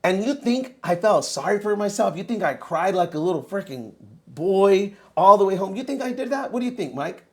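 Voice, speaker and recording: A man in his thirties, a podcast guest, telling his own story in casual, animated talk and calling the host bro. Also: high-pitched, fairly quick. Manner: animated, says bro a lot.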